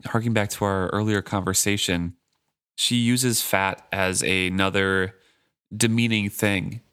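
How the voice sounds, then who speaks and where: A man co-hosting a casual book discussion, talking in a relaxed, chatty way with many hedges and reading passages aloud. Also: lowish voice, a little slow, smooth.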